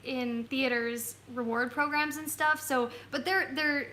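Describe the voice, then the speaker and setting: A woman's voice: high voice, steady tone, unhurried, pushed and bright, a little hiss or hum. A woman hosting a casual travel live stream from home on a phone, bubbly and giggly. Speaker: travel vlog host.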